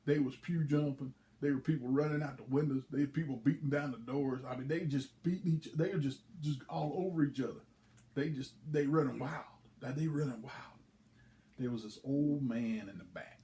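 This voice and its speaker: A man's voice: mid-range voice, moderate pace. Folksy man telling a joke. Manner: folksy, relaxed storytelling. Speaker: fantasy league commissioner. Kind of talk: casual vlog, joke telling.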